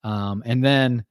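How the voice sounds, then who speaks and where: A man's voice: mid-range voice, dry recording. Chatty man recapping cartoons, dry sound. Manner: chatty, laughs often, many fillers and quick asides. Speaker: podcast host. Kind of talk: casual livestream chat recapping cartoon episodes.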